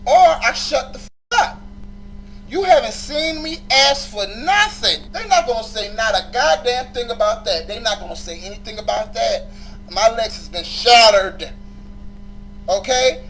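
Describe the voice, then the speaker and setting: Man with a very high voice, ranting aggressively. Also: fairly bright tone, a little hiss or hum, poor audio. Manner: aggressive, passionate. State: injured leg. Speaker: vlogger. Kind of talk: profane ranting to camera.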